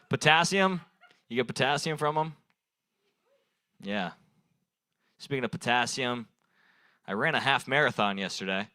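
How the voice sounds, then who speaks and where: A young man working the crowd at an open mic, rambling from one audience suggestion to the next and chuckling at his own lines. His voice is bright and swings widely in pitch. The sound is close and dry. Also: very animated, measured pace, long pauses, dry recording. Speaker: stand-up comedian at an open mic. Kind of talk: improvised stand-up crowd work. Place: bar stage at an open mic night.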